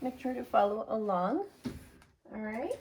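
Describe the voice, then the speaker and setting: A woman teaching a first grade phonics lesson, drilling each sound slowly three times and encouraging the children. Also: a little high, big pitch swings, gravelly, noisy background. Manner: encouraging classroom talk.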